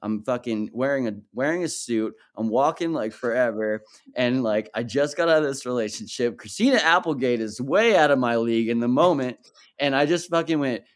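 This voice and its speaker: A man telling stories in casual chat, animated and swearing, acting out other people's lines as he goes. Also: mid-range voice, fairly quick. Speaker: podcast guest, musician.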